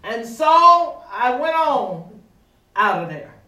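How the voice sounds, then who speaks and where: Roomy, distant preacher man with pauses. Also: very high-pitched, very animated. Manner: drawn-out dramatic pauses, rising to shouts. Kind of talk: sermon with call-and-response. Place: church sanctuary. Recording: echoey room, voice from afar.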